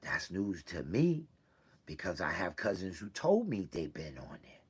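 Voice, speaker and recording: A man talking to his regular viewers, hurt and close to tears, halting and repeating himself between sighs. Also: deep voice, sing-song, slightly rough. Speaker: weekly video host. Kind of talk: personal confessional talk. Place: indoors in a room.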